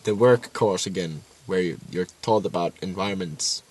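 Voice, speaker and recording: A man co-hosting a casual podcast, sarcastic and quick to swear, full of jokey asides. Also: deep voice, a little mellow, a little hiss or hum. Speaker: podcast co-host. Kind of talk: casual chat.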